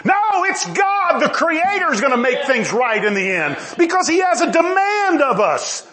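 A male preacher with a very high voice and a lively, swooping delivery. He preaches forcefully, climbing into shouts. Mocking asides break up the sermon. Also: normal speed, crowd noise.

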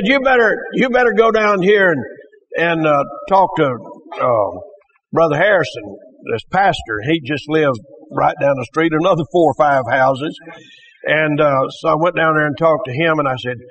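A man's voice: fairly high pitch, lively intonation, moderate pace, fairly bright tone. A man giving a church testimony, telling his story in a folksy way and acting out the voices of people he quotes. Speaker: testimony speaker. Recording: dull lo-fi recording.

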